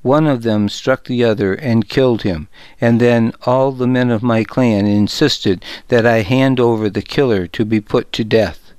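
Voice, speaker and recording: A man's voice: medium pitch, a little slow, a little mellow, clean tone, dry recording, close to an everyday voice. A man reading as a pleading grieving widow. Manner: pleading, deferential. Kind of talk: audiobook narration.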